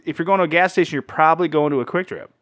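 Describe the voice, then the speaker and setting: Male podcast co-host, slightly higher voice, joking and rambling through news items. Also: rapid-fire, a bit bright. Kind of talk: casual podcast chat reading news stories. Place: home podcast setup.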